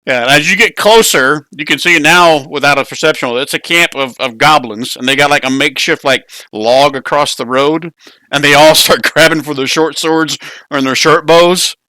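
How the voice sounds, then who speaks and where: A man's voice: fairly high pitch, moderate pace, bright, forceful tone, dry recording. A man narrating a tabletop game as game master, casual and often laughing.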